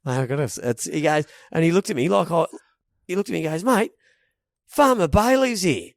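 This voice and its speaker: Australian man telling a story, lively. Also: a little high, fast talker, vocal fry, dry recording, clean studio sound. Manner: storytelling, swears freely, animated. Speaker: podcast co-host. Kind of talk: casual banter.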